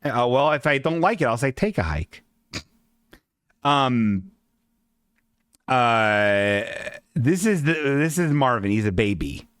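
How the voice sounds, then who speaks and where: A man hosting a casual livestream podcast, reading a comic strip aloud with halting restarts and swearing asides. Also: mid-range voice, expressive, fairly bright tone, clean tone, no room sound. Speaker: podcast host.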